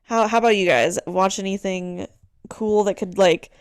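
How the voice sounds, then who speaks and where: Co-hosting a podcast, a woman chats casually, with plenty of fillers and the occasional swear word. Her medium-pitched voice stays fairly even at a moderate pace, clean and echo-free with studio quality.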